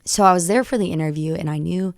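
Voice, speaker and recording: Young woman rapper on a radio show, low gravelly voice, excited rambling storytelling, dry studio sound. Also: quick pace, dry recording. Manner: excitable, tumbling recounting with laughs. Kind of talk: animated storytelling interview. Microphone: studio radio mic.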